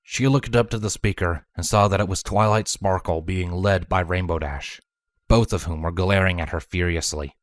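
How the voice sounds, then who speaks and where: A man with a very low voice reads a story aloud in measured, dramatic storybook narration. The recording is dry and close. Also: fairly even intonation, no room sound. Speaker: fanfiction reader.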